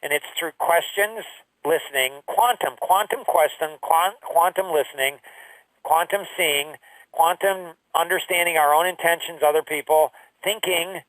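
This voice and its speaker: A man's voice: a little high, fairly bright tone, no room sound, distant mic, poor audio. A man teaching a recorded lesson, telling personal stories in a rambling, anecdotal way full of "you know" and "like". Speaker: course instructor.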